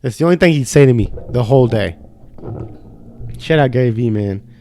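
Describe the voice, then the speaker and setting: Here the same kind of young studio podcast host is animated and fairly quick, his medium-pitched voice dark in tone. He's profane and fired up, ranting loosely in casual conversation, with a little hiss or hum in the recording.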